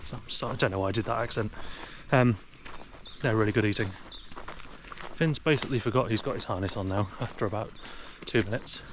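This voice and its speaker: A man's voice: on the low side, fairly quick, slight background noise. An English man chatting casually to an action camera outdoors in a forest, sometimes talking to his dog. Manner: chatty, talks to his dog in a raised sing-song voice. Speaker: outdoor vlogger. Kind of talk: casual walking commentary.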